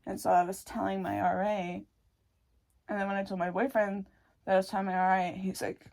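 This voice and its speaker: A young woman telling her own story in a casual, rambling way, swearing often, breaking off mid-thought and adding wry dark humor. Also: mid-range voice, level tone, brisk. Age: young adult. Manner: rambling and frank, swears often, self-interrupting.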